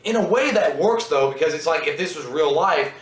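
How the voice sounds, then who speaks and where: A man reviewing a horror movie in casual chat, profane and animated, often acting out characters' lines. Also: fairly high pitch, a little fast. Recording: echoey room, mic at a distance.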